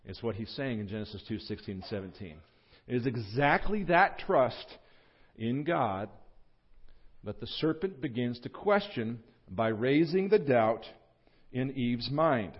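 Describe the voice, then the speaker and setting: A man preaching a sermon, teaching through a scripture passage in an earnest tone with fillers and restarts, jumping up in pitch and volume when he voices the words he quotes. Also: lively intonation, a little slow, slightly rough, lo-fi sound. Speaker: pastor. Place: church.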